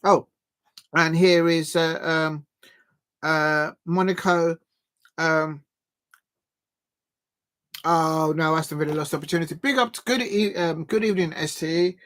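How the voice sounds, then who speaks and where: A man's voice: fairly high pitch, measured pace, long pauses. Chatty man calling football live. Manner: chatty and excitable, chats to viewers between bursts of play-by-play. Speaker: watch-along streamer. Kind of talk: live football watch-along commentary.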